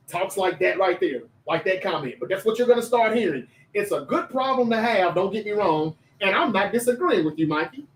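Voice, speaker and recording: A high-pitched man hosts a casual sports talk livestream in an animated, chatty way, talking straight to his viewers. His voice sits a little back from the mic and rings in an echoey room. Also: distant mic. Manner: animated, chatty, reads viewer comments aloud and addresses chat directly.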